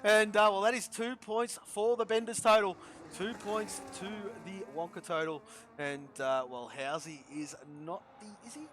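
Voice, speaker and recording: A man commentating a sim racing league, shouting with excitement at fast laps and laughing at his own jokes. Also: sits high, slight background noise. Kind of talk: excitable esports race commentary.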